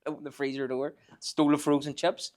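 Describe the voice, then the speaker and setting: A man's voice: fairly high pitch, little pitch movement, brisk, darkish tone. A man in his forties, a podcast guest, telling rambling, profane anecdotes and laughing as he goes. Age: 40s. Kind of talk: casual storytelling.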